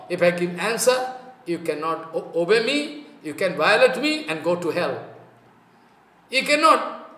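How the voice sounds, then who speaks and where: Impassioned Indian man preaching, bright echoey voice. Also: high-pitched. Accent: Indian English. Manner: impassioned, repetitive, emphatic. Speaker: spiritual teacher. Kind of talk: devotional sermon. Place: online talk in an echoey room. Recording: echoey room sound.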